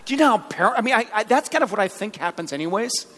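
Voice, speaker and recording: A man's voice: high-pitched, expressive, fast talker, a bit bright, big-room sound, low-quality recording. A man preaching a sermon as pastor, chatty, with joking asides. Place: church.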